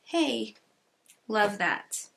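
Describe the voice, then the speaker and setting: A young woman from California tells a casual storytime in a mid-pitched voice. She talks in a chatty, sassy way, leaning on "like" and slipping into soft whispered asides. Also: lively intonation, extremely slow, vocal fry, husky. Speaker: YouTuber.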